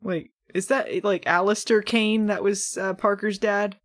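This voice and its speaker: A woman's voice: mid-range voice, fairly even intonation, a little slow. A woman co-hosting a podcast, chatting casually about a TV episode, full of fillers and frequent laughs. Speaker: podcast co-host. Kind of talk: casual chat recapping a TV episode.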